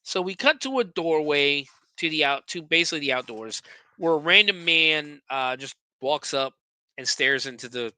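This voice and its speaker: A man's voice: fairly high pitch, lively intonation, normal speed, sharp tone, clean tone, no room sound. A man hosting a podcast, recapping a movie scene by scene in a casual, profane, sarcastic way, often stumbling over his words.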